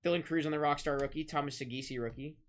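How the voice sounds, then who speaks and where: A man hosting a live-streamed trading card break, rattling off pulled cards, shouting out big hits and bantering with chat. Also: a little high, steady tone. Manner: rapid-fire calling of card names, shouting big hits; chatty, teasing banter with chat.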